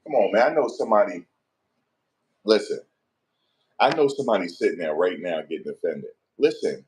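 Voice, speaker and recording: A man doing casual vlog commentary, animated and slangy, repeatedly pleading with viewers for likes. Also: low-pitched, normal speed, pauses often. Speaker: online commentator.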